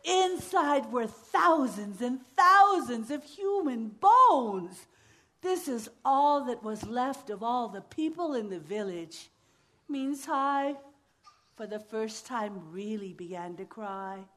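A woman's voice: a little high, animated, takes it slowly, fairly bright tone. A woman telling a folktale to families, full of sound effects and playful asides. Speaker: storyteller. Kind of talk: lively oral storytelling for families.

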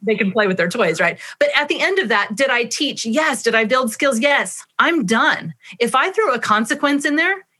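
A woman's voice: fairly high pitch, lively intonation, moderate pace, hardly any pauses, sharp tone. A middle-aged woman answering interview questions about parenting, explaining at length and acting out her talks with her children. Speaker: parenting expert guest.

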